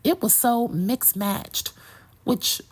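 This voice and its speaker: Sassy woman ranting about a movie, husky voice, chatty and blunt. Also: on the high side, animated, slow, darkish tone. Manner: sassy, opinionated, talks to viewer as "girl" and "child". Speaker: movie reviewer. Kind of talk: casual movie review.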